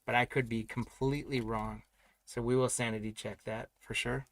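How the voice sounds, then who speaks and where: A man's voice: medium pitch, level tone, moderate pace. A man hosting a live trading card break, announcing pulls and congratulating buyers in an upbeat, chatty way.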